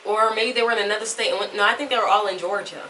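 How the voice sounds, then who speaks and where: A woman's voice: mid-range voice, rapid-fire, sharp tone. Chatty woman with put-on Southern drawl. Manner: chatty, rambling yapper. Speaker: vlogger. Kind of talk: casual chat to camera. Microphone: camera mic at a distance. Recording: distant camera mic, faint room noise.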